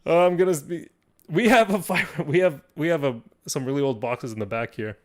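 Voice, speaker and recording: Excitable man hosting a live stream, slightly high voice. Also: fairly quick. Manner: excitable and rambling, laughs often. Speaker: livestream host of a card shop. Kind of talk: live stream chat to viewers.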